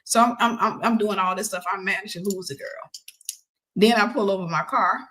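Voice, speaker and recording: A woman host recounting a personal story with lots of animation and laughter. Her voice sits in a middle range, and she slips into quick impressions of the people she describes. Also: mid-range voice, fairly bright tone.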